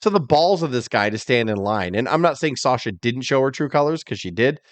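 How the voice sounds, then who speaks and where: A man co-hosting a wrestling podcast, telling stories quickly and acting out what people said. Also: mid-range voice, no room sound. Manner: rapid, animated storytelling with acted-out quotes. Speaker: podcast co-host. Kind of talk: casual chat.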